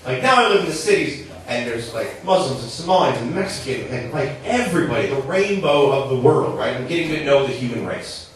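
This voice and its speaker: On a bar stage, a young stand-up comic from southern Minnesota talks in a loose, conversational way, throwing in lots of "likes" and "rights." He has a mid-range, expressive voice and a brisk pace. The distant recording picks up the echoey room and slight background noise.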